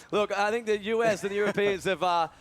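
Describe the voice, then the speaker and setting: A young man doing live esports commentary, energetic and full of fillers. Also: high voice. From Australia. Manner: fast, energetic, many fillers. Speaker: esports commentator and event organizer.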